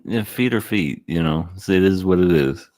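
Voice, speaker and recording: A man co-hosting a podcast in casual chat, pushing back on the others with wry, deadpan remarks. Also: low voice, moderate pace. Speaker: podcast co-host.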